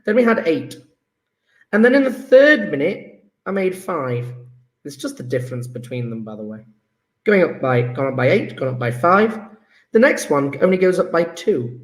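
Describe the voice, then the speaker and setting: A man teaching a chemistry lesson live online, enthusiastic and coaxing, praising students by name with quick asides. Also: on the high side. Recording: roomy echo.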